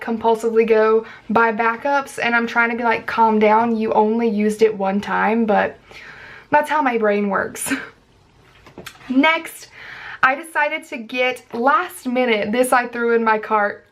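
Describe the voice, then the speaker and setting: A woman's voice: on the high side, measured pace, a bit bright. A young woman, chatting casually as a beauty vlogger reviewing makeup and gushing over each product. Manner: gushing, chatty, lots of fillers.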